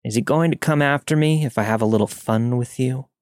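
A man's voice: mid-range voice, fairly quick, a little mellow, no echo, studio quality, lightly acted. A man voicing a sleazy Southern trucker. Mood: leering. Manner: leering, drawling, turns crude and aggressive. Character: sleazy pushy middle-aged male trucker.

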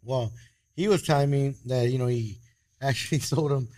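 A man's voice: medium pitch, moderate pace, mellow, no echo. A man guesting on a casual podcast, laid-back and slangy, swearing and laughing as he tells stories. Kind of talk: casual storytelling chat.

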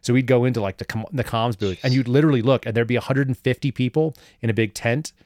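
A man's voice: mid-range voice, fast, darkish tone, dry recording, clean studio sound. A man, a former government analyst, telling a story as a guest in a casual interview, rambling and wry with lots of fillers.

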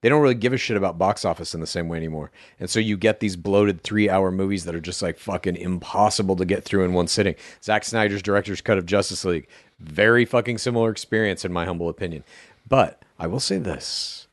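A man's voice: low voice, fast talker, no room sound, studio quality. A man in his forties, a podcast co-host, ranting casually and swearing often. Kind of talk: casual comedy chat.

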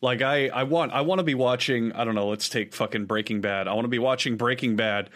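A man's voice: medium pitch, fairly quick, fairly bright tone. A man co-hosting a podcast, riffing in casual banter and acting out silly voices in his stories. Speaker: podcast co-host.

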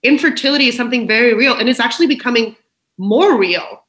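A woman's voice: on the high side, quick pace, a bit bright. A woman speaking as a podcast guest in a frank, emotional, personal conversation, swearing freely. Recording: roomy echo.

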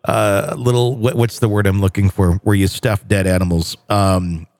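This podcast co-host has a slightly mellow voice on the low side, speaking at a normal speed with a steady tone. Chatting casually, he rambles and jokes, recorded in a clean studio with no room sound.

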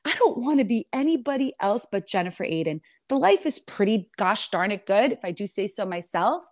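A woman guest in an interview tells her story emphatically, firing off indignant rhetorical questions. Her voice sits at a middling pitch. The recording is close and dry, with no room sound. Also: very animated, fairly quick, a little mellow, dry recording. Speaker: reality TV star guest.

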